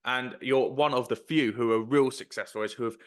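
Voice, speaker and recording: A man's voice: medium pitch, fairly even intonation, a little fast. A man hosting a podcast, asking long, rambling interview questions with restarts. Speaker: podcast host.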